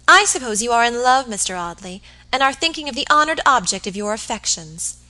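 A woman gives voice to an impatient, sharp-tongued young woman in a storybook reading. Her teasing is tart and bright. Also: on the high side, very animated, brisk, voice pushed up, poor audio.

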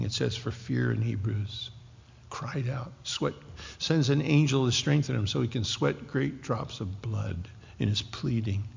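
A man in his sixties preaching a sermon, joking lightly at first and then dropping to a hushed, whispered intensity. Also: medium pitch, creaky, slightly rough. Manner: animated, jokey asides that drop to hushed, whispered intensity. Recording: dull lo-fi recording with long hall reverb.

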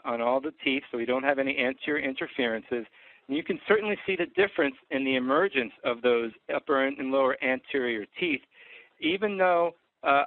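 A man delivers a methodical, technical clinical lecture as an orthodontist walking through cases, pausing on fillers now and then. His voice sits at an ordinary middle pitch. The sound is thin and narrow like a phone line, with no room echo at all. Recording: dry tinny phone-like sound.

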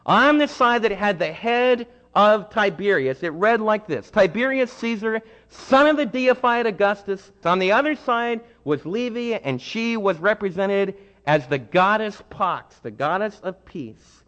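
A man preaching a sermon as pastor, animated, acting out the voices of the people he quotes. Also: sits high, measured pace, hardly any pauses. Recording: muffled hall recording with long reverb.

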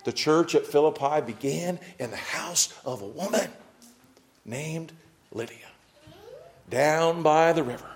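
A man preaching a sermon, reading scripture and breaking into animated asides to his congregation. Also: on the high side, measured pace, pauses often.

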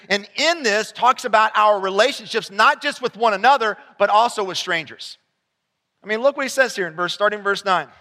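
A man preaching a sermon as pastor, animated and rising to near-shouts when excited. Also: high-pitched, big-room sound.

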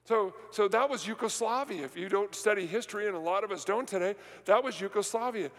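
A man preaching a sermon as a pastor, often asking the congregation questions and pausing for them to answer. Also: high voice, a bit bright. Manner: asks the congregation rhetorical questions and pauses for answers. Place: large church sanctuary. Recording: long hall reverb.

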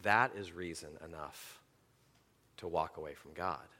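A middle-aged man preaching a sermon, telling stories with animated swings between loud and hushed delivery. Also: deep voice, a little slow. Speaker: pastor.

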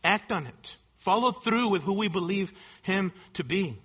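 A man preaching with a high, ringing voice that has a forceful, bright edge. He leans hard on key words and keeps pressing his listeners with repeated questions. The delivery is an emphatic church sermon. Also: lively intonation, normal speed, slightly rough. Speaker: pastor.

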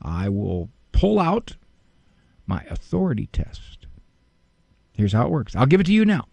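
A man's voice: medium pitch, unhurried, creaky, slightly rough, no room sound. A man hosting a radio advice show as a psychologist, talking in a wry, joking way. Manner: wry, joking, animated, with playful word games. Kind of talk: casual radio monologue. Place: radio studio.

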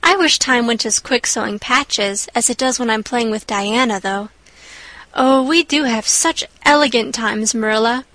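A woman's voice: a little high, normal speed, a bit bright, no room sound. A woman voicing an eleven-year-old orphan girl, imaginative and chattering, who speaks breathlessly and gushes in her audiobook reading. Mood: dreamy chatter. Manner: breathless, gushing, rapturous.

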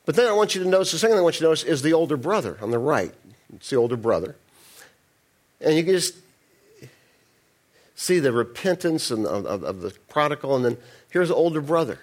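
Brief: male pastor, lively sermon delivery, chatty and wry. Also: fairly high pitch, quick pace, long pauses. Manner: animated, humorous asides, conversational.

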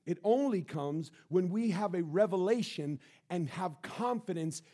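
A pastor preaching a sermon in a church, impassioned, swinging between loud and hushed. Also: male voice, high-pitched, lively intonation, a little slow.

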